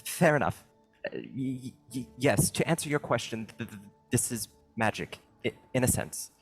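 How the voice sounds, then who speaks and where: A man's voice: mid-range voice, moderate pace, husky, soft background music, pitched above the performer's own voice, natural voice. A man voicing a shy, nervous young man who stutters and hides inside a machine, in a tabletop game.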